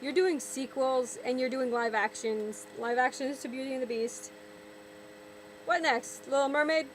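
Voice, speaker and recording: High-voiced woman ranting in exasperation. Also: a little slow, slight background noise, low-quality recording. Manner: exasperated, sarcastic, repeats and restarts words. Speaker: vlogger. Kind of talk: ranting vlog commentary.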